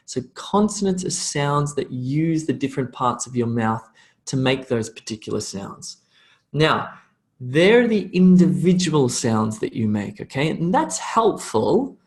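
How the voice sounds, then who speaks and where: A man with a slight Australian accent teaches a live pronunciation class, joking now and then, checking in with "okay?", and repeating sounds over and over to demonstrate them. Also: mid-range voice. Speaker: English teacher.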